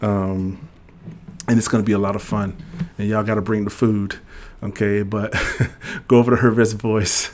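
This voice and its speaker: A man's voice: on the low side, level tone, moderate pace, a little mellow. A middle-aged man hosting a livestream. He explains regulations casually, reads legal text aloud, and jokes with viewers in the chat. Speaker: host of a veterans' benefits livestream.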